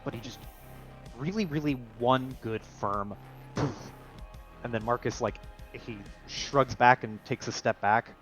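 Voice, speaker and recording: A man's voice: medium pitch, a little slow, a bit bright, soft background music. A man narrating a tabletop role-playing game as game master, in a casual style full of fillers.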